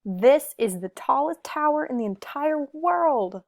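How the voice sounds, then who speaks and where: A woman's voice: on the high side, animated, takes it slowly. A woman voicing a playful, boastful young male fox in a picture-book read-aloud, with dramatic exclamations.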